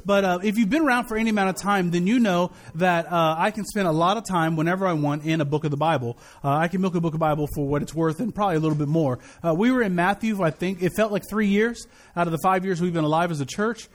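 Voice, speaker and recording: High-voiced man preaching conversationally. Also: fast talker, hardly any pauses. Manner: conversational, joking asides, frequent "uh" and restarts. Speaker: pastor. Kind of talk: sermon.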